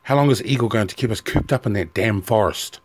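Man reading as a scornful soldier, bitter, sneering, deep voice, audiobook. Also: quick pace, close to an everyday voice. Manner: sneering and resentful. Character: bitter, scornful male Legion officer.

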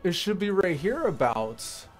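A man's voice: high voice, sing-song, unhurried, soft background music. Laid-back man musing over gameplay. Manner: rambling, laughs often, talks to himself. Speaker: gameplay streamer. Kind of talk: casual gameplay commentary.

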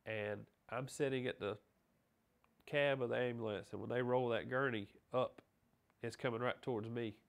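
A man with a gravelly, mid-pitched voice recalls what he saw step by step. His delivery is measured. He speaks in a documentary interview. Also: fairly even intonation.

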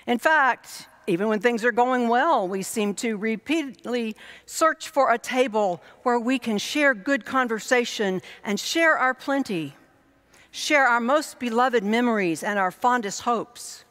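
A woman's voice: fairly high pitch, animated, a bit bright. Woman pastor preaching in a reverberant church. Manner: reflective, measured preaching with lists and repetition. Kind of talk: sermon. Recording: long reverb of a church hall.

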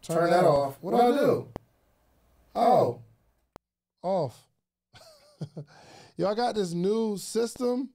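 A man hosting a casual livestream about podcasting, excitable and chatty, often repeating his phrases to the viewers. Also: high-pitched, very slow, pauses often. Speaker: podcast host giving advice.

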